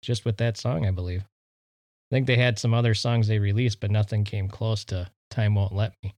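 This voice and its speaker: A man's voice: on the low side, steady tone, normal speed, darkish tone, no echo. A man co-hosting a casual chat show, easygoing and offering facts with many fillers. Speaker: podcast co-host.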